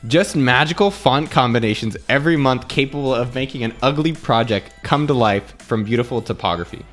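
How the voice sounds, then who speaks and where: A man's voice: medium pitch, brisk, a bit bright, soft background music. A man reading old ad copy aloud with theatrical flair, often breaking into laughter as he goes. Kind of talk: dramatic read-aloud with laughter.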